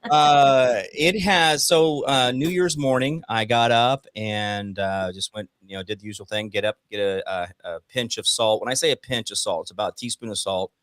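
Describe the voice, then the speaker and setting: A man's voice: mid-range voice, moderate pace, few pauses, clean tone, no echo, clean studio sound. A man co-hosting a casual morning talk show, telling a long personal story and acting out the people in it. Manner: animated storyteller, acts out quotes, swears casually. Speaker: co-host.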